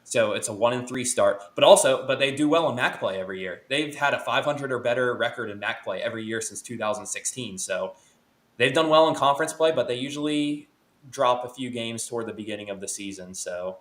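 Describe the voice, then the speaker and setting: A man's voice: medium pitch, expressive, fairly quick. A man guesting on a podcast, previewing a college football game and reeling off stats and records, correcting himself as he goes. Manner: stat-heavy, self-correcting. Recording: roomy echo.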